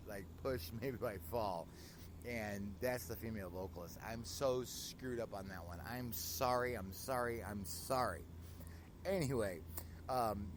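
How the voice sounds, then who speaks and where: A man hosting a radio show, chatting casually between songs in an excitable, apologetic way with frequent laughter. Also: mid-range voice, a little hiss or hum.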